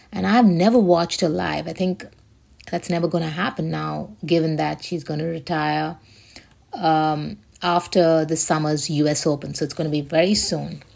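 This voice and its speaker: Female host, casual solo commentary, rambling and blunt, lowish gravelly voice. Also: darkish tone. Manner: rambling, emphatic, swears often. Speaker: show host.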